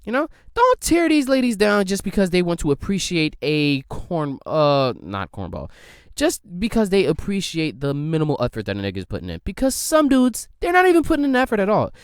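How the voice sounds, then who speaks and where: A man rants on a podcast in a loose, comedic flow, and his pitch climbs and drops all over the place. His voice is smooth and clean. The sound is dry and close, with no room echo. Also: huge pitch swings, a little fast. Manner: rambling, profane, swings pitch widely for quoted voices. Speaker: podcast host. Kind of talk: casual comedic rant.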